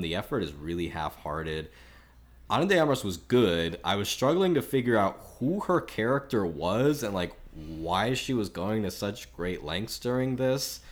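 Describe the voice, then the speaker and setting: A man co-hosting a film podcast, talking through his opinions in a chatty, measured way with lots of filler words. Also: deep voice. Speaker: podcast co-host. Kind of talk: casual film review chat.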